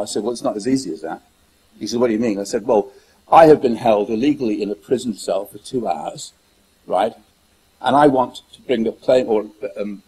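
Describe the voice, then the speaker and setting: Husky British man telling his story. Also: medium pitch, a little mellow, poor audio. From United Kingdom. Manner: emphatic, repeats phrases, acts out dialogue. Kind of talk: monologue telling a personal story.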